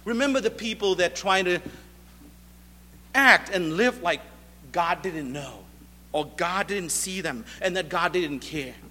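A man's voice: high voice, measured pace, bright, forceful tone, big-room sound. A male pastor preaching a sermon, emphatic and driving home repeated rhetorical questions.

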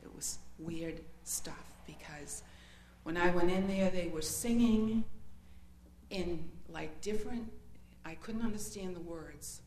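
Speaking slowly in a low, darkish voice, a woman tells a church gathering the story of her faith. Her testimony is earnest, hesitant and emotional, recorded in an echoey room with a faint hum.

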